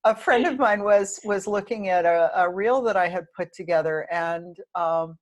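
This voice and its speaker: A woman with a slightly low voice hosts a relaxed online chat. She talks easily about her own habits and laughs at herself. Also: normal speed. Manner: chatty, self-deprecating, laughs often. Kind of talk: casual webinar chat.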